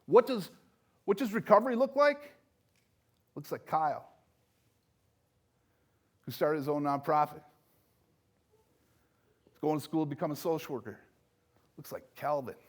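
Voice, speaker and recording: An older man giving a motivational speech, emphatic, with loud punchy lines that drop to soft, low asides. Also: animated, a little slow, long pauses. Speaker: speaker at a recovery event.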